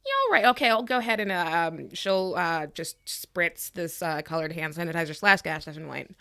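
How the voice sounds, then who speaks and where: A woman's voice: on the low side, normal speed, sharp tone. A woman player chatting scatteredly during a tabletop game. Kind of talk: tabletop role-play chat.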